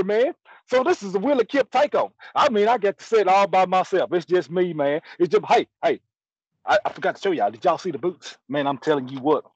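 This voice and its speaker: Man putting on a high, hollering backwoods blowhard with a drawl; slightly muffled, dry sound. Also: no echo. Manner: brash, rambling, hollering. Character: loud boastful backwoods country man, grown. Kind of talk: comedy character monologue.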